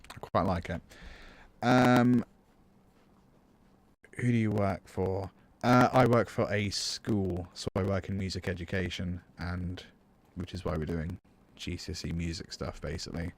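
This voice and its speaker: He talks in a low, unhurried voice with fairly even intonation, and there's slight background noise. The speaker is a British music teacher casually leading a live composition tutorial, answering chat between steps and reasoning aloud.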